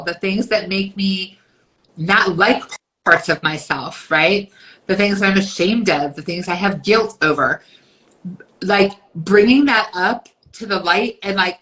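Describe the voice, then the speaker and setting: A woman in her fifties co-hosting a casual podcast chat, talking bluntly and emphatically, swearing freely and acting out inner voices in quick asides. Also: medium pitch, sharp tone, low-quality recording. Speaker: podcast co-host.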